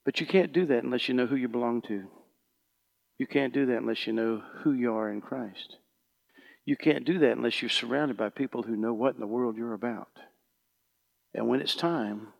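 A man preaching a sermon as pastor, shifting from hushed prayer to loud fervent calls to the congregation. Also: medium pitch, normal speed, vocal fry, pauses often.

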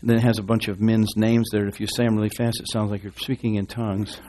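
A man's voice: lowish voice, flat delivery, fast talker, mellow. A man preaching a sermon in a church, rambling and folksy with asides and restarts, reading scripture aloud to his congregation. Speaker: pastor.

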